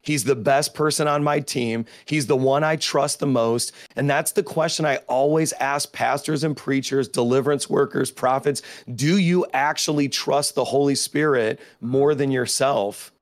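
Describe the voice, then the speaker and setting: A man, a deliverance minister on a panel, speaking in a measured and emphatic way. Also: medium pitch, dry recording, studio quality. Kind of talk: panel discussion.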